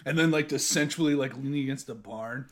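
A man's voice: medium pitch, fast talker, a bit bright. A man co-hosting a podcast in casual chat, joking and laughing often. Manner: giggly, joking. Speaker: podcast co-host.

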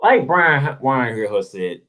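A man at a solo mic, ranting about basketball with a wildly animated, swooping voice. He is heated and sarcastic, firing off rhetorical questions in slangy, informal talk, at a middling pitch. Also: slow, low-quality recording. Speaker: sports show host. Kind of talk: sports commentary rant.

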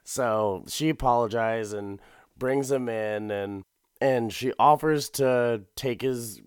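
A young man recaps an episode with a smooth, clear voice that sounds dry and close-miked. He rambles, swears freely and laughs between his sentences. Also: medium pitch, slow, no echo. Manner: rambling and profane, with frequent laughs and restarts.

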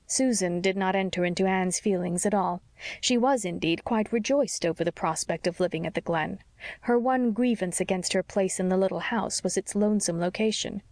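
A woman's voice: mid-range voice, normal speed, a little mellow, no room sound. Woman reading an audiobook aloud. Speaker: audiobook narrator. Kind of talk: scripted narration.

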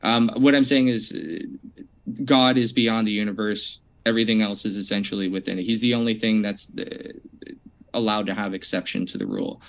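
Relaxed man defending his view. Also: fairly low pitch, normal speed, gravelly. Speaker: debater. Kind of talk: online debate.

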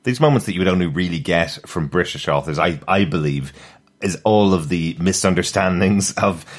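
A man's voice: sits low, moderate pace. A man co-hosting a casual podcast, chatty and laughing often as he discusses a TV episode. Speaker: podcast co-host.

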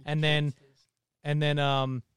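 A young man on a casual podcast, talking fast and excitedly with lots of fillers and restarts. His voice is smooth and clear, pitched a little high. The recording is close and dry. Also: no echo. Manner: rambling, enthusiastic recounting with many fillers. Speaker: podcast co-host. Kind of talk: casual chat.

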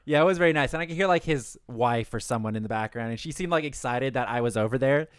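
Young man, podcast co-host, fast and animated, clear voice in a dry close-miked room, swears often. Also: mid-range voice, no room sound. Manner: rambling storyteller, swears a lot, acts out dialogue. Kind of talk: casual podcast chat.

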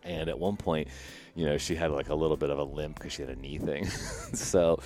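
A man's voice: a bass voice, fairly even intonation, moderate pace, a little mellow, faint music behind. A man from the Chicago area hosting a casual podcast, telling stories animatedly and laughing often. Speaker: podcast host.

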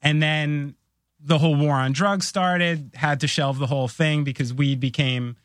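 Animated rambling man hosting a podcast. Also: fairly high pitch, unhurried, dry recording, studio quality. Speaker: podcast host. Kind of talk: casual chat.

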